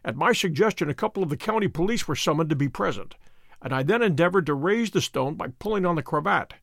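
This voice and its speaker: Dry gravelly voice, a methodical detective telling his case in a radio drama, swoopy delivery. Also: fairly high pitch, lively intonation, fairly bright tone, dry recording, full character voice. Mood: measured. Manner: precise, measured storytelling. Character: Holmes, sharp methodical male detective narrating.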